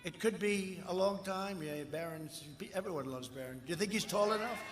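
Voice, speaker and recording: A man's voice: sits high, a little fast. Older man rambling at a rally podium. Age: 70s. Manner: rambling and repetitive, with mocking asides. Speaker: political candidate at a rally. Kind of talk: campaign rally speech. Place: large outdoor rally. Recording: echoey rally sound system with long reverb and faint noise.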